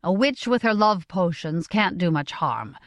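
A woman voicing a stern, measured middle-aged merchant father in an audiobook, speaking in an earnest, deliberate way. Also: on the low side, very animated, no echo, clean studio sound. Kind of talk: audiobook character voice.

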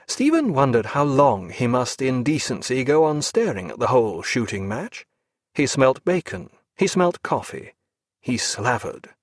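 A man reading a historical naval novel aloud as audiobook narrator, measured and expressive. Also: medium pitch, no echo, clean studio sound.

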